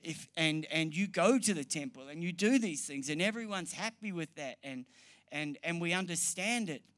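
High-voiced man preaching with rising passion. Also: lively intonation, no echo. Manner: builds to loud, fast, passionate preaching. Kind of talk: sermon.

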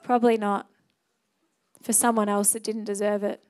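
A woman's voice: mid-range voice, little pitch movement, moderate pace, darkish tone, clear, resonant tone. A young adult woman delivers a church sermon in a mid-range voice. She talks earnestly and conversationally, with small restarts and fillers. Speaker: preacher. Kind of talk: sermon with altar call and prayer.

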